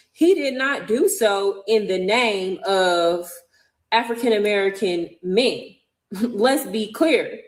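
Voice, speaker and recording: Woman lecturing hard in her video, really animated up and down, bit high. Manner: emphatic, lecturing. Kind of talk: commentary video.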